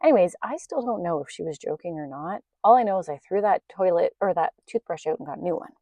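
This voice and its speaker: A woman's voice: on the low side, animated, fast talker, mellow, dry recording. A middle-aged woman hosting a podcast, telling rambling stories in a casual chat and laughing often. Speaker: podcast host. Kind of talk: casual storytelling.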